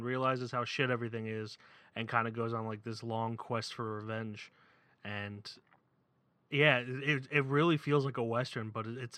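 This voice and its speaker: A man from the Philadelphia area, co-hosting a casual chat, animated and excitable, swearing freely. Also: medium pitch, smooth, dry recording. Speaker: podcast co-host.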